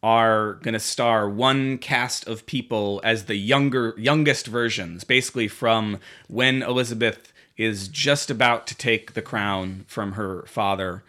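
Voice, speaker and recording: A man's voice: lowish voice, fairly even intonation, measured pace, sharp tone. A man co-hosting a podcast, chatting casually, rambling with frequent restarts and casual swearing. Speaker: podcast co-host. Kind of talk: casual chat.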